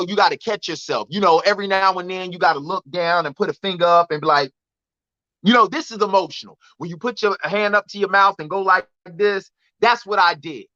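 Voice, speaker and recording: A man telling a comic story on a radio talk show, animated and emphatic, repeating his denials. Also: high-pitched, no room sound, dull audio. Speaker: comedian guest. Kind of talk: storytelling stand-up chat.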